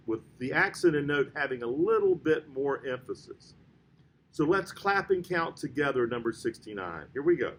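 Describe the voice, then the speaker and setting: A male band teacher walks a beginner through a trumpet method book, counting in and calling note names in a steady, patient rhythm. His voice sits in an ordinary middle pitch. A faint noise floor runs under the recording. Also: moderate pace. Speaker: music teacher.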